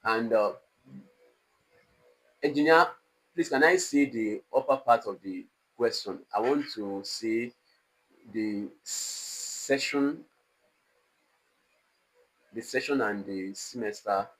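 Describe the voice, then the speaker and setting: Man slowly teaching pronunciation. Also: fairly bright tone, poor audio. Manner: slow and deliberate, repeats example phrases with exaggerated pitch. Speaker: lecturer. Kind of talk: live online exam-prep lecture. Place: online class studio with a technician.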